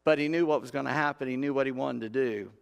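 A man's voice: mid-range voice, quick pace, creaky, smooth. A man preaching a sermon in a folksy, conversational way, acting out Bible characters in everyday talk. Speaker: pastor. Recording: long reverb of a large room.

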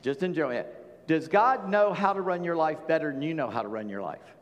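A man preaching a sermon in a relaxed, folksy way, breaking off into chatty asides. His voice sits a bit high. A long reverb trails behind him as in a large hall. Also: fairly quick. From Charleston, South Carolina. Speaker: pastor.

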